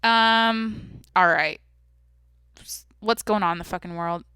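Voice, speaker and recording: Young woman, solo podcast host, blunt and foul-mouthed, tense bright voice, no room sound. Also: mid-range voice, slow, smooth, no echo, clean studio sound. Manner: brash, profane, blunt. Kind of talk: casual solo podcast chat.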